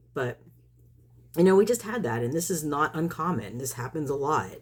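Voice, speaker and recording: Chatty low-voiced woman vlogger. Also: expressive, moderate pace, darkish tone, husky. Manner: chatty, rambling, laughs often. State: just back in from outdoors. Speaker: vlogger feeding neighborhood cats. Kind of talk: casual chat to camera.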